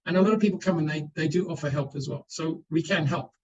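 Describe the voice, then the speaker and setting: A man's voice: a little high, quick pace, slightly rough. Earnest man on a muffled webinar line. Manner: earnest, often repeats words as he restarts. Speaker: webinar panellist. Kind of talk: explanatory webinar talk. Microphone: video call.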